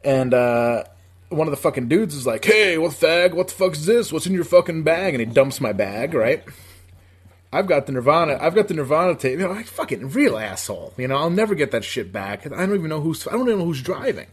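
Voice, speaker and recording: A man from upstate New York spins a long, rambling story in loose podcast chat. He swears freely and laughs along with his own telling, at an everyday mid pitch. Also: very animated, a little fast, breathy edge. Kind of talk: casual storytelling.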